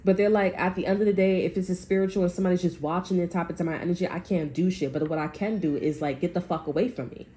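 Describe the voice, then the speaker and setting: A woman's voice: fairly low pitch, steady tone, quick pace, few pauses, mellow, slight background noise. A woman giving a casual tarot reading, blunt and rambling, with heavy swearing and frequent repetition. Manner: rambling, repeats herself. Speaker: tarot reader.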